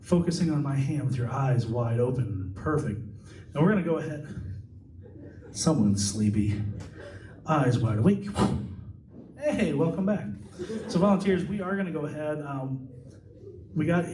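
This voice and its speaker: A man from Iowa working as a stage hypnotist, giving calm, repetitive suggestions to volunteers in a live show. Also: on the high side, fairly quick, background noise. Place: large indoor hall, school party. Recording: echoey hall from far off with music.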